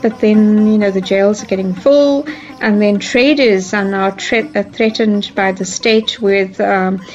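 A woman's voice: medium pitch, steady tone, measured pace, a little mellow, lo-fi sound. A woman speaking as a historian in a documentary interview, explaining in a conversational way with many fillers and restarts. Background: music.

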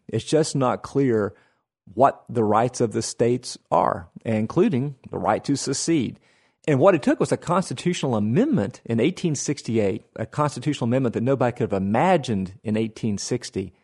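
A man's voice: mid-range voice, a little mellow, husky. A man co-hosting a history talk, explaining with a wry, folksy manner and frequent laughs. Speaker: history podcast co-host. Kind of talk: casual history discussion.

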